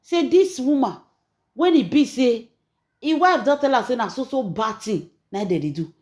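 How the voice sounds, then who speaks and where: A Nigerian woman hosting her own channel, telling gossip in an emphatic, preachy way that swings between loud and soft. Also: on the high side, animated, moderate pace. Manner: emphatic, preachy, rising and falling in loudness. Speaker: channel host and gossip storyteller. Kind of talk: animated gossip commentary.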